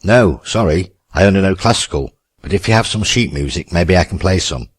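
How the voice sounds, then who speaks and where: Elderly man, reserved pianist, polite, audiobook, read by a man, deep, dry. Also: expressive, brisk, slightly rough, no room sound. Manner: polite, insistent on his full name.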